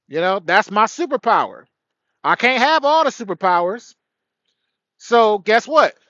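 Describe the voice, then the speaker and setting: A man's voice: extremely high pitch, bright, forceful tone, dry recording. A man hosting a casual late-night spiritual livestream from his phone, rambling loosely and greeting viewers by name. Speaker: livestream host. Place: indoors at night. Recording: dry, dull lo-fi phone audio.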